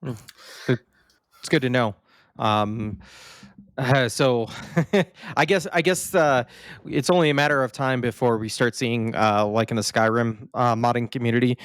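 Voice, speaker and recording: A man's voice: medium pitch, smooth, dry recording, studio quality. A man hosting a casual gaming podcast, talking hesitantly with many "uh" and "um" fillers.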